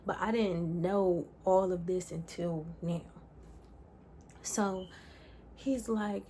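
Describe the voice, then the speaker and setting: A woman's voice: lowish voice, steady tone, slow, long pauses, dark tone, slight background noise. A young woman telling a personal story in a casual, candid way, rambling with lots of "like" fillers. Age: young adult. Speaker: vlogger.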